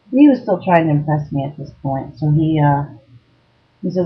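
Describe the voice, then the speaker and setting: A woman telling a story to camera in a casual, blunt way, swearing freely and filling pauses with ums. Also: low voice, expressive, muffled recording. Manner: blunt, profane, lots of ums. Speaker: vlogger giving dating advice.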